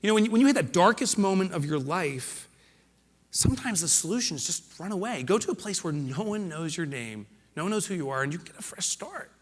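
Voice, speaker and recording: A middle-aged man, a keynote speaker, tells a personal story in a motivational speech to a live audience, moving between loud emphasis and hushed, emotional lines. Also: high voice, lively intonation, brisk. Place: large hall before a live audience. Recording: reverberant hall.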